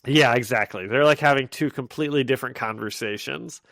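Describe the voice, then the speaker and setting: A man's voice: medium pitch, a little fast, vocal fry, no room sound, studio quality. A man co-hosting a podcast, recapping comic issues in casual chat and acting out the characters' lines. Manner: animated, acts out quoted lines in voices. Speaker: podcast co-host.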